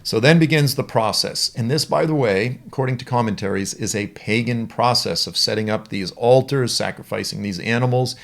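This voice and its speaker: A man's voice: mid-range voice, normal speed, gravelly, few pauses. A man teaching the Bible in a conversational, storytelling way.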